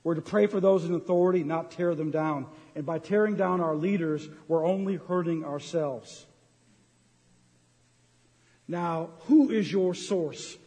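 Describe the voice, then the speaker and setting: Middle-aged male preacher, fired-up and joking, high voice, echoing sanctuary. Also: measured pace, mellow. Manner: impassioned, ranting, jokey. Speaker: pastor. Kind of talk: sermon. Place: church sanctuary. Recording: long hall reverb.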